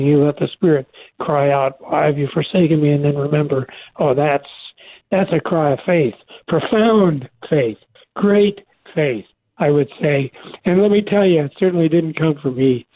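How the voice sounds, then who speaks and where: Earnest older man on a phone line. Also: fairly high pitch. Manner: earnest, halting with many restarts. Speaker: radio show co-host. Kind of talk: conversational faith talk.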